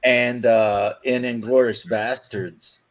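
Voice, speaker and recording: A man's voice: mid-range voice, steady tone, slow pace. A man telling a story in casual podcast chat, quoting what others said. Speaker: podcast co-host.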